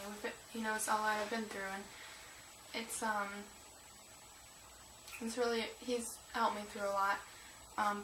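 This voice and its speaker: A woman's voice: medium pitch, bright, forceful tone. A teenage girl chatting in a rambling, emotional way for her vlog, with many fillers, recorded at home on a camera mic. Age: teens. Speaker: vlogger. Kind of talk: casual confessional vlog. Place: room at home. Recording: echoey room, distant mic, noisy.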